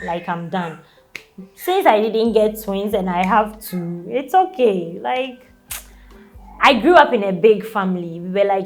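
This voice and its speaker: A young woman with a Ghanaian English accent, a mother talking casually in an interview, with lots of "like" and light laughs. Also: on the high side. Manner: chatty, peppered with "like" and laughs. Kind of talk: casual chat.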